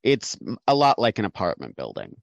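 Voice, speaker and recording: A man's voice: on the low side, huge pitch swings, a little fast, gravelly, no echo. A man running a tabletop game as game master, patiently explaining the rules and narrating the scene.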